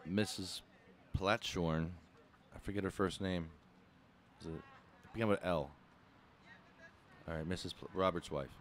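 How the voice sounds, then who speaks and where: A man's voice: low-pitched, measured pace, pauses often. A man co-hosting a casual podcast, easygoing and given to repeating words as he starts. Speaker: podcast co-host.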